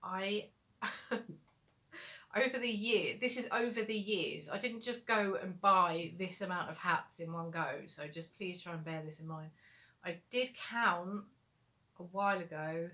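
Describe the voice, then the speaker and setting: A young woman with a fairly low yet bright, forward voice answers viewer questions in a relaxed live Q&A. She talks in a loose, chatty way, with frequent fillers. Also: unhurried. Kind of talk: casual livestream Q&A.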